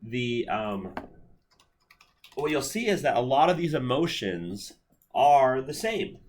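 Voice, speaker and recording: A man's voice: medium pitch, very animated, takes it slowly, darkish tone. A man in his thirties giving a university lecture in a lecture hall, talking casually with many fillers and restarts. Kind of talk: classroom lecture.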